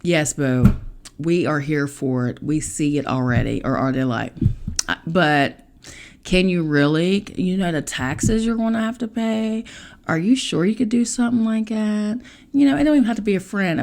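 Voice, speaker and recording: A middle-aged woman hosting a spirituality podcast, talking bluntly and with plenty of profanity in a casual motivational monologue. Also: sits low. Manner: blunt, profane, animated storytelling. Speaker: podcast host.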